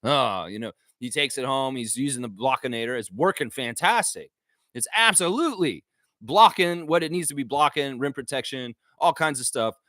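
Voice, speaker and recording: A man's voice: medium pitch, moderate pace, dry recording, clean studio sound. A man hosting a basketball fan livestream, talking in a loose, ranting commentary style with mocking asides. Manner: animated, ranting, mock-voices in asides.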